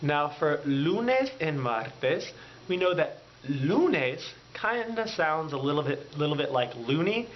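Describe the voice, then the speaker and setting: A slow, patient man teaches a lesson by call and repeat, stretching each word out. His fairly high voice swings up and down as he drills words. The recording sounds dull and lo-fi, with a faint hiss behind it. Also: big pitch swings. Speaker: language teacher.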